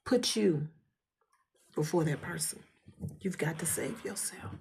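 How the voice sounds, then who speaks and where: A woman giving an emotional spoken testimony in a fervent, preacher-like way, often dropping to a hushed whisper while holding back tears. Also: medium pitch, normal speed, creaky. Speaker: vlogger sharing a testimony.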